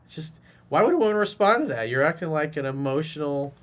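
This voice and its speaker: A man's voice: a little high, lively intonation, quick pace. A man who works as a dating coach, giving blunt, profane advice in a casual monologue and scolding the listener like a buddy. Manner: casual bro-talk, direct address. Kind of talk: advice monologue reacting to a viewer's message.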